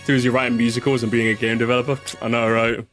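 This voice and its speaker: A man's voice: mid-range voice, little pitch movement, rapid-fire. A young man chatting casually with viewers as he plays, rambling and swearing freely, with game music behind him. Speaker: streamer. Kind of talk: casual gaming commentary.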